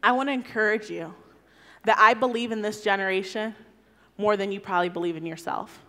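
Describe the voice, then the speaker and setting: A young woman giving an animated sermon to a youth audience, telling stories and acting out voices. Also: mid-range voice, fairly quick. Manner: animated storytelling, acts out voices. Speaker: youth speaker. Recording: long hall reverb.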